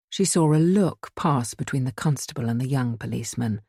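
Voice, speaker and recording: A woman's voice: rumbling low, animated, fairly quick, mellow, husky, no room sound, clean studio sound. A woman reading a horror story aloud as an audiobook narrator, giving the figures their own voices.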